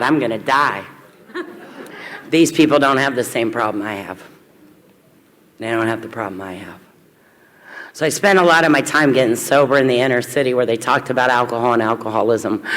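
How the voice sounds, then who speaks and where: A woman from Kentucky telling her recovery story to a meeting, candid and wry, with sudden bursts of energy. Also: deep voice. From Kentucky, USA. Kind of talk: personal recovery story told to an audience. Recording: long hall reverb.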